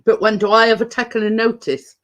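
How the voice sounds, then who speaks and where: A man's voice: sits high, fairly even intonation, fairly quick, fairly bright tone. A man with a British accent hosting a casual live-stream chat with viewers, rambling and hesitant, full of fillers and restarts, sometimes talking while eating. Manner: chatty, eats while talking.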